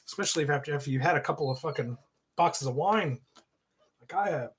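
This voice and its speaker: A man's voice: fairly high pitch, fairly quick, pauses often, a bit bright, husky. A middle-aged man casually chatting about a comic book, rambling and joking, with lots of fillers. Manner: rambling and joking, with frequent fillers, laughing at himself. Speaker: comic reviewer and host. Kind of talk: casual comic review chat.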